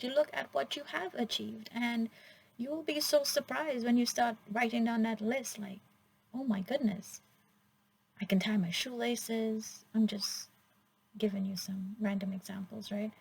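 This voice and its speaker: A woman giving a pick-a-card oracle reading, gentle, encouraging and a little rambling. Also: mid-range voice, vocal fry, slightly rough, low-quality recording.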